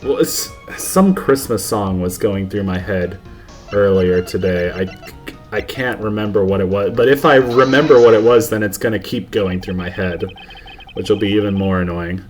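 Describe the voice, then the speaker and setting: A man's voice: lowish voice, moderate pace. A man hosting a casual let's play, rambling through self-deprecating asides while reading the game's dialogue aloud. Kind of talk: casual gameplay commentary. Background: faint game music.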